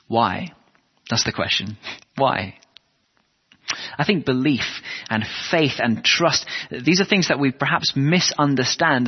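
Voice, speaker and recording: A man's voice: mid-range voice, slightly rough. A man preaching a sermon, earnest and asking his listeners rhetorical questions. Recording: dull lo-fi sound with long hall reverb.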